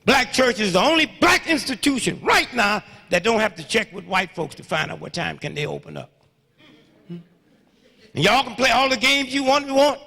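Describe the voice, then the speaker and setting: A man in his seventies giving a fiery lecture full of storytelling, swinging between hushed murmurs and loud outbursts, with rhythmic call-outs to the audience. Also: high voice, big pitch swings, moderate pace, gravelly. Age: 70s. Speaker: speaker addressing an audience. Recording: long reverb of a large hall.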